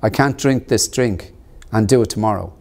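A middle-aged man, telling his life story in an interview, measured and earnest, with pauses and fillers. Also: on the low side, darkish tone. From Ireland. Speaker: actor and author interviewed about his book. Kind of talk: reflective personal storytelling.

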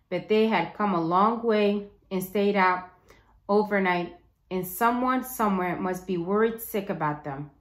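Woman teacher reading a chapter book aloud, slow and expressive, echoey room. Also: mid-range voice.

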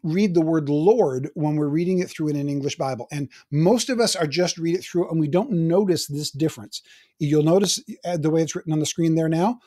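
A man's voice: fairly high pitch, mellow. Chatty older man teaching Bible. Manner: chatty, self-deprecating teacher with frequent restarts. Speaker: teaching pastor.

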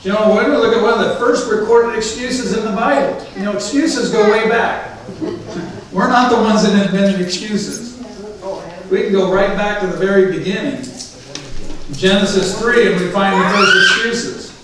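A man's voice: sits high, moderate pace, a crowd in the background. A male pastor preaching a sermon in a conversational way, putting questions to the congregation. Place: church. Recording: echoey church from far off.

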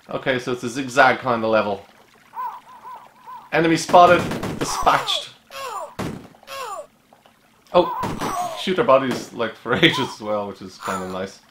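An Irish man chatting through a video game, excitable and jokey, with quick asides. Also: mid-range voice, background noise. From Ireland. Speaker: retro gaming YouTuber. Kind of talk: gameplay commentary. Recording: roomy room with game music. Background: game music.

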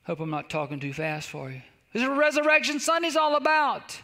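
A man's voice: very high voice, expressive, a little fast, sharp tone. A man pastor preaching a sermon, exhorting and repeating calls to the congregation. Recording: long hall reverb.

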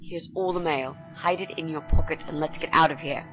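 A woman's voice: low voice, steady tone, a little fast, a bit bright, soft background music. An actress voicing an eager, polite young female student in a video game, speaking. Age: young adult. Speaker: game character.

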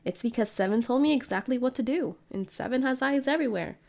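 Female let's-player, bright and high, chatty and giggly, reads game dialogue aloud. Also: fast, vocal fry. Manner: playful, giggly, reads character lines in her own voice. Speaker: gaming streamer. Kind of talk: casual let's-play commentary, reading game dialogue aloud.

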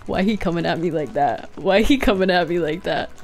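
A young woman gaming streamer giving dramatic, excitable commentary, often squealing and laughing, on a desk microphone. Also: lowish voice, a little fast. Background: faint game music.

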